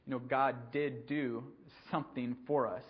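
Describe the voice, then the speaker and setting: A man preaching a conversational sermon, pausing often with ums and repeating words as he goes. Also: mid-range voice, fairly even intonation. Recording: dull lo-fi recording.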